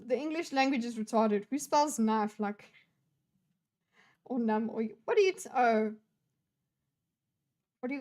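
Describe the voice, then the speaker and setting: A young adult woman talks over a video she is watching. Her voice sits a little on the high side. She is blunt and exasperated, and she swears freely as she reacts. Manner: blunt, profane, exasperated ranting. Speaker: streamer reacting to a debate video. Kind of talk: casual reaction commentary.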